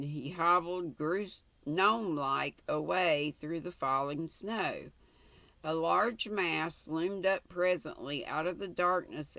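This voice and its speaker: Slow, gravelly older woman reading a story. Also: low-pitched, a bit bright, dry recording. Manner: slow, measured, plain reading with small slips. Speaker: channel host, story reader.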